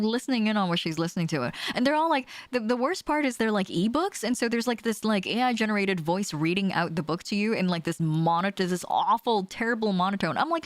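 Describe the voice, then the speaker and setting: A woman's voice: mid-range voice, no echo. A young woman streaming from a small home room, chatting casually with her viewers, laughing often and swearing freely. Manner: animated, swears casually, laughs often, reads chat aloud. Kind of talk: casual chat with live chat while gaming.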